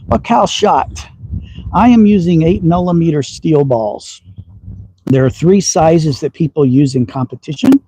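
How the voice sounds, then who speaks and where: Unhurried and mellow, this Texan with a slight Southern accent chats casually on his slingshot livestream while shooting outdoors at a backyard range, teasing in a folksy manner and chuckling frequently. His voice is on the high side with a breathy edge. The rough recording has no room sound.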